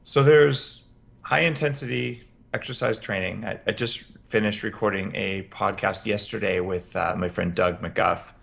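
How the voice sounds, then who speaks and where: Man, podcast guest, heavy vocal fry, lower pitch, energetic explainer, headphones on. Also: unhurried. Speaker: podcast guest, health expert. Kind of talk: interview, explaining practical advice. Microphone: headphones with podcast mic.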